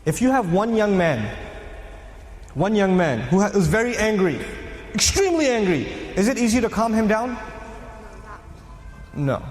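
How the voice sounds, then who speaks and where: High-voiced male lecturer in echoey hall. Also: moderate pace. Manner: animated, rhetorical questions to the audience. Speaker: Islamic lecturer. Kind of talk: storytelling lecture to a live audience.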